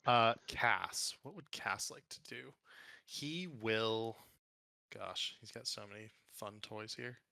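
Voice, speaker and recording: A man's voice: lowish voice, slow pace, vocal fry, sharp tone, dry recording. A man running a tabletop game as game master, thinking aloud in a casual, hesitant way.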